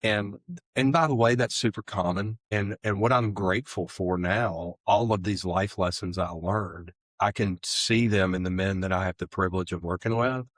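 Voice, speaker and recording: A middle-aged man, earnestly telling his own recovery story in an interview and getting animated as he acts out his old excuses. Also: low-pitched, normal speed, no room sound. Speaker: guest sharing recovery story.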